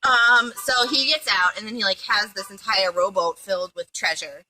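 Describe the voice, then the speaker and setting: A woman's voice: mid-range voice, moderate pace, pushed and bright, low-quality recording. A woman casually recapping a movie among friends, rambling and profane, giggling and jumping off into asides.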